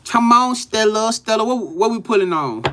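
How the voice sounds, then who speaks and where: A man's voice: high-pitched, lively intonation, moderate pace, noisy background. A man doing a casual live-stream tarot reading, greeting viewers and laughing often. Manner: loose, slangy, greets chat viewers by name, laughs often.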